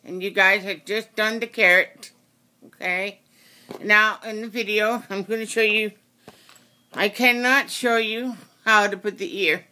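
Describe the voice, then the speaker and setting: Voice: medium pitch, fairly even intonation, unhurried, pushed and bright. A craft tutorial host giving a casual how-to demonstration, rambling and often correcting and apologizing.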